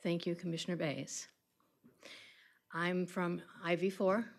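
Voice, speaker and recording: Lady resident at the podium, low-ish voice, earnest and plain talking. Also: flat delivery, unhurried. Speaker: resident speaking at public comment. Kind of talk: public comment at a government meeting.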